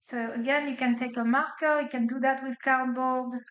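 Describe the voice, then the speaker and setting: A woman's voice: high-pitched, fairly even intonation, normal speed, fairly bright tone, muffled recording. A woman physics lecturer with a non-native accent, explaining step by step and checking in with her students. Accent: non-native English. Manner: explains step by step with frequent "okay?" and "right?" checks. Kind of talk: classroom lecture. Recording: echoey lecture hall.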